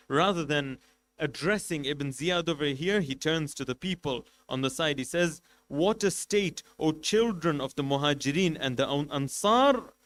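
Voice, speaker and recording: A man preaching a sermon, telling a story with passion, swinging between loud emphasis and quiet asides, and reciting Arabic quickly before translating it. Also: a little high, slight background noise. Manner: recites Arabic passages rapidly, then translates. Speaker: sheikh preaching at a mourning gathering.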